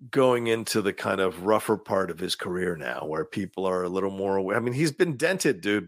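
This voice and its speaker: Podcast co-host, male, gravelly and husky, lively and rambling, dry close mic. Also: fairly low pitch, no echo. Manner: opinionated, laughs often, rambling. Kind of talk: casual movie chat.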